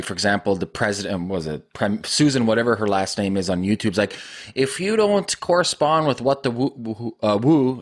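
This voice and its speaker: A man hosting an interview, talking earnestly and stumbling over his words. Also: lowish voice. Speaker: interview host. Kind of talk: casual interview chat.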